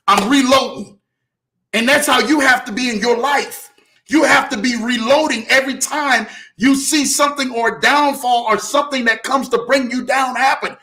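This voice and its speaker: High-pitched, bright, shouting man preacher. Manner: preachy, repeats lines, often shouts. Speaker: host. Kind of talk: motivational faith talk.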